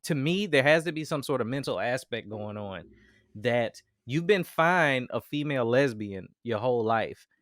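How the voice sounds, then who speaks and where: A podcast host with a lively, swinging voice, recorded dry and close. He gives his opinions bluntly and swears casually. His tone is conversational throughout. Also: mid-range voice, normal speed, no echo. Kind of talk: casual chat.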